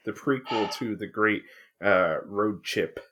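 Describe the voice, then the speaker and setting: A man's voice: on the low side, slow pace, sharp tone, husky. A man co-hosting a casual movie podcast, chatting in a wry, joking way with loose asides. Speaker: podcast co-host.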